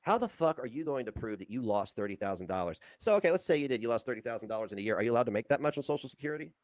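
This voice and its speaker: A man's voice: medium pitch, animated, racing, a little mellow, dry recording, clean studio sound. Heated, cursing man on a livestream. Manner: heated, profane, lecturing. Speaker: livestream co-host. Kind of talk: casual livestream chat.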